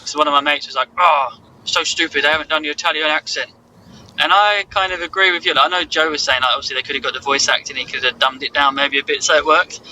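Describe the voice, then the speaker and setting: A man's voice: on the high side, steady tone, bright, forceful tone. A man sending a chatty voice message to a podcast from outside. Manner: fast, chatty. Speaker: caller. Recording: distant outdoor phone recording with street noise.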